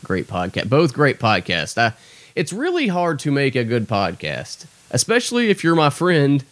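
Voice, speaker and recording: A man hosts a comedy podcast in a loose, rambling monologue. His pitch jumps all over as he plays up excitement and fake tears for laughs. He is close on a dry mic with no room sound. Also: normal speed, no room sound. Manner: jokey, swings between excited and mock-tearful. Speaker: podcast host.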